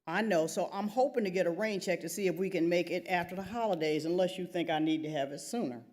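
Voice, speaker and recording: A woman's voice: lowish voice, quick pace, darkish tone, close to an everyday voice. A woman reading aloud and voicing a blunt, teasing churchgoing mother in her eighties. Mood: prim. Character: sassy churchgoing elderly mother, eighty-one.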